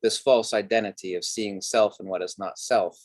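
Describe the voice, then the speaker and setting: Man, low voice, dry close sound, rambling lecture-style podcast guest. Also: steady tone, moderate pace, dry recording. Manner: discursive, lecturing, many fillers. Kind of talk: philosophical conversation.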